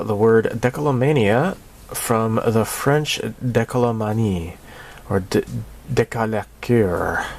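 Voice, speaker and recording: A man with a lowish voice gives a casual channel update. He rambles in a sarcastic tone and keeps breaking into laughter. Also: vocal fry. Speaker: channel host.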